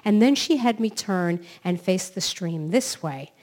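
A woman from New York City, a self-help author, giving an inspirational talk in a lively storytelling manner, often checking in with "right?". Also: fairly low pitch, a little slow.

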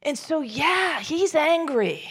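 A woman preaching a sermon, telling the story with animated voices, rising to loud emphasis and dropping to soft near-whispers. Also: high voice, takes it slowly. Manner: animated storytelling, acting out Jesus' lines. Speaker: pastor.

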